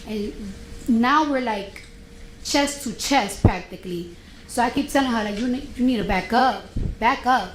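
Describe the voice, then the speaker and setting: A woman testifying as a witness in court animatedly retells a confrontation, quoting what both sides said. Her voice is fairly high and her pace moderate, recorded in an echoey room with background noise.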